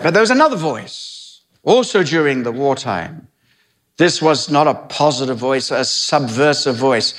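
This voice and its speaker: A man's voice: on the high side, fairly bright tone. Dramatic preacher in his sixties. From Britain. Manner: dramatic storytelling delivery with wry asides. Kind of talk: sermon.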